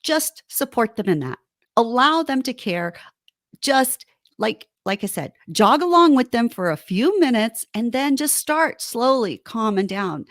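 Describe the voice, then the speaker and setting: A woman's voice: on the high side, unhurried, dry recording, clean studio sound. A woman co-hosting a podcast, chatting casually and animatedly about relationship advice. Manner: animated, acts out heated quotes. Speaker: podcast co-host.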